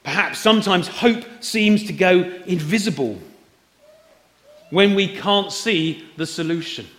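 A man's voice: high-pitched, animated, unhurried, fairly bright tone. A man preaching an Easter sermon, talking conversationally and putting questions to the congregation. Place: church hall. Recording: roomy hall echo.

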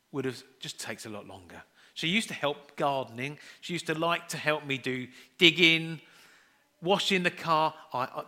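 A middle-aged man delivering a sermon. His voice sits fairly high, bright and forward, and swoops up and down as he spins self-deprecating stories from family life. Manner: chatty, self-deprecating storytelling, acts out quoted voices. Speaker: preacher.

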